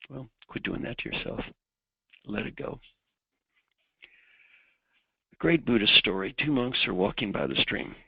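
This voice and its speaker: A man with a raspy voice giving a motivational keynote talk, directly coaching the audience through exercises. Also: medium pitch, no room sound, lo-fi sound. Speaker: keynote speaker.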